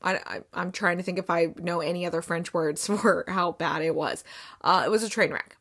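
A woman's voice: on the low side, steady tone, normal speed, a bit bright. A woman hosting a movie review show, chatting casually in a rambling, sarcastic way with lots of fillers. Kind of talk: casual chat.

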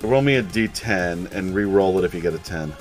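Low-voiced man running a tabletop game. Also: animated, brisk, faint music behind. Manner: rambling, many fillers and laughs. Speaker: game master.

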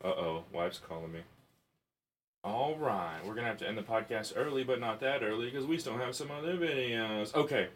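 A man hosting a podcast in casual chat, telling stories in an excitable, profane way. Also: mid-range voice, moderate pace. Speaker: podcast host.

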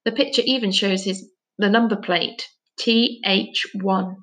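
A woman voicing a nosy, eager boy in a storybook reading, teasing and excitable. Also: medium pitch, unhurried, lightly acted.

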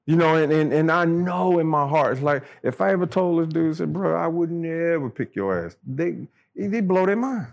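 A middle-aged man, a military veteran and podcast guest, telling stories in casual talk. He swears constantly, talks bluntly, and acts out the people he quotes by jumping up in pitch. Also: expressive, normal speed, vocal fry. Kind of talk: casual storytelling chat.

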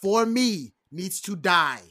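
A man's voice: high-pitched, lively intonation, slow, crowd noise. A young man co-hosting a podcast, talking casually with playful, dramatic rants. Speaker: podcast co-host. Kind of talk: casual chat.

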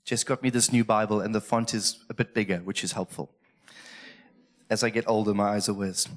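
A middle-aged man delivers a sermon in a church. He talks casually and from the heart, and gets emotional about the scripture. His voice sits at an ordinary male pitch. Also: a little fast, fairly bright tone. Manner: earnest, emotional, conversational preaching. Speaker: pastor. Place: church stage.

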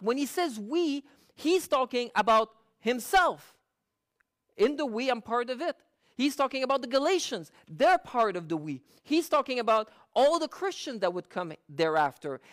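A Bible teacher giving a verse-by-verse sermon, reading scripture slowly with stressed words and explaining through rhetorical questions. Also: medium pitch.

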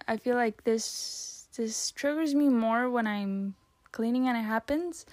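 A young woman talks casually on her own podcast, musing and rambling with lots of fillers. Her voice sits a little high. The recording is dry and close, with no room sound. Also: no room sound. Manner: chatty, rambling, many "like" fillers. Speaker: podcast host. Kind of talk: casual solo talk reading old notes.

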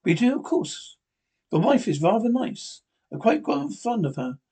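A courteous robot double. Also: male voice, extremely high pitch, big pitch swings, a little slow, dark tone, exaggerated voice. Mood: polite. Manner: courteous, formal, smooth-talking servant. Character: polite male robot double of a husband. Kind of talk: 1950s radio drama acting.

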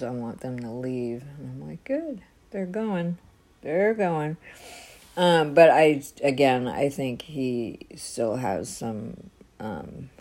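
A woman's voice: very deep voice, darkish tone. A woman telling a personal story in a casual, rambling way, with many restarts and fillers.

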